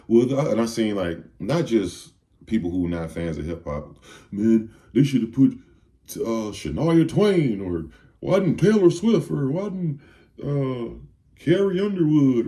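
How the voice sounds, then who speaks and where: A man's voice: sits low, warm tone. A man giving a heated, profane commentary rant, firing off rhetorical questions. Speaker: video commentator.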